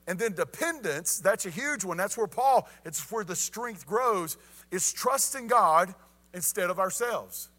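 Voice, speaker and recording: Male preacher, bright high voice, folksy sermon delivery with lots of asides to the congregation. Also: expressive, a little slow. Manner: folksy, repeats "you ready?" and "y'all". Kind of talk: informal evening sermon.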